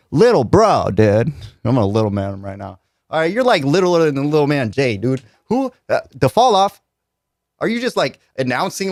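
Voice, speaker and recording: A young man mocks and jokes through a radio rant, circling back to the same lines. His pitch jumps around a lot, and the dry studio sound carries no room echo. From United States. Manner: joking, mocking, repeats himself. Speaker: radio host and rapper. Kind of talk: comedic rant commentary.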